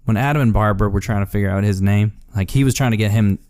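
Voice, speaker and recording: Jokey low-voiced man chatting. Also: quick pace. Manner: relaxed, jokey, laughs easily. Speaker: podcast co-host. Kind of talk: casual movie chat.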